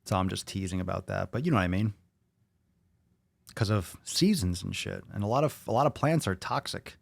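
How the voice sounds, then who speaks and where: A man's voice: low-pitched, fairly quick, gravelly, husky, no room sound. A man hosting a podcast, reading viewer comments aloud and reacting to them bluntly, with a lot of swearing. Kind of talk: casual chat.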